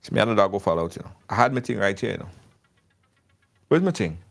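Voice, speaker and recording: A middle-aged man with a lilt talks up products on a live show. He tells his stories with excitable repetition, and his voice swings widely in pitch. Faint music plays in the background. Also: fast, gravelly. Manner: storytelling, excitable, repeats himself. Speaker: live show host doing product ads. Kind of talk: animated live-stream ad chat.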